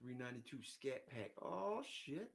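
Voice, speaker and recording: A man's voice: medium pitch, sing-song, a little slow, creaky, slightly rough. Slangy, loose-talking man chatting casually. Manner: loose slangy talk, repeats words, jumps between topics; often chuckles while talking. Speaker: streamer chatting with viewers. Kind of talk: casual chat.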